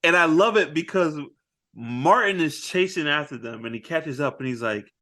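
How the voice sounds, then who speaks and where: A man co-hosting a casual movie podcast, retelling scenes with animated quoted lines and frequent laughter. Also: on the high side, normal speed. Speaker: podcast co-host.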